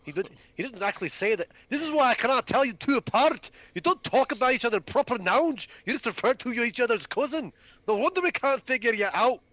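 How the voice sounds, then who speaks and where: A man's voice: very high-pitched, lively intonation, a little fast, pushed and bright, no echo. A man playing a tabletop game, teasing the other players in banter. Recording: dull lo-fi mic.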